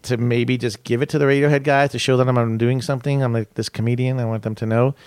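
A man's voice: mid-range voice, level tone, fast talker, darkish tone, no echo, studio quality. A male comedian telling long, rambling stories in casual chat, interrupting himself and laughing as he talks. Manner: rambling, self-interrupting, laughs while talking. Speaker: comedian guest.

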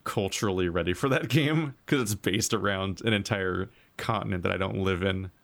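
A man's voice: deep voice, moderate pace, vocal fry, a bit bright. A man in casual podcast chat, musing thoughtfully with hesitations and frequent giggles.

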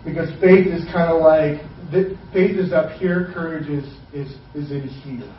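High-voiced pastor in an echoey hall. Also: male voice, measured pace, distant mic, slight background noise. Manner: casual, joking retellings of scripture. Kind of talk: sermon. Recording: echoey hall, voice from off-mic, dull sound.

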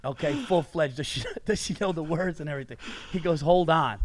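A man's voice: a little high, a little fast, a crowd in the background. A man hosting a comedy podcast, telling loose, profane stories and laughing hard. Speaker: podcast host. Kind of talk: casual comedy podcast chat. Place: festival podcast recording.

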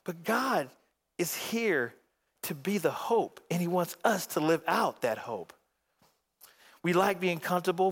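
A man preaching a sermon as a guest pastor from the Phoenix area, swinging between emphatic outbursts and hushed, low passages. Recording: long hall reverb.

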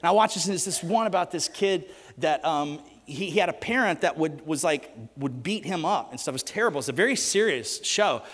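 Animated male preacher, high voice, joking storyteller, echoey church hall, faint music. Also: brisk, hardly any pauses. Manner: animated, joking, asks the crowd questions. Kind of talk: sermon with humorous stories.

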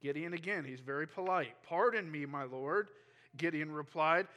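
A male pastor preaching a sermon, retelling a scripture story in lively, casual words. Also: fairly high pitch, moderate pace. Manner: animated storytelling, paraphrasing scripture in casual speech. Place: church.

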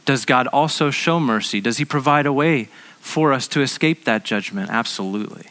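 A man's voice: medium pitch, moderate pace, a bit bright. A man preaching a sermon as a pastor, in a conversational way that often repeats words as he restarts.

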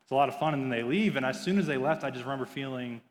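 A man's voice: mid-range voice, rapid-fire. A young man in his twenties, sharing an earnest personal testimony with candid, hesitant storytelling. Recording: long hall reverb.

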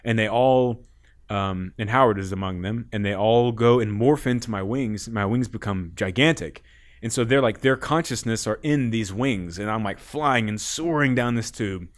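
Lowish laughing man telling a wild tale. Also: moderate pace. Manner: rambling, laughs a lot, swears. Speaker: podcast guest. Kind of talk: casual storytelling.

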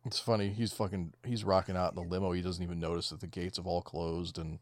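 A man's voice: deep voice, flat delivery, fast talker, dry recording. A man co-hosting a casual movie commentary, talking in a laid-back, profane way and often trailing off mid-thought. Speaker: podcast co-host.

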